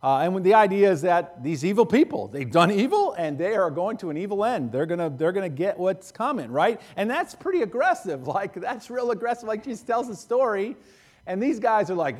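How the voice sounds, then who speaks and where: A man's voice: sits high, sing-song, brisk, a little mellow. A male pastor preaching in a conversational way, repeating phrases and laughing often. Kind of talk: sermon.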